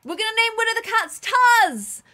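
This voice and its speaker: A woman's voice: extremely high pitch, sing-song, normal speed, bright, forceful tone. A woman streaming a game live, chatting bubbly with dramatic exclamations and thanking viewers. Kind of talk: live gameplay stream chat.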